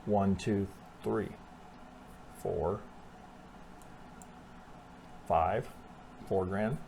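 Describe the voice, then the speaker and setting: A trading analyst casually talks through charts over screen share, thinking aloud, restarting sentences, tossing in "right?" often and swearing bluntly. His low, creaky, dark voice stays fairly even and drags out words, with a little hiss or hum in the background.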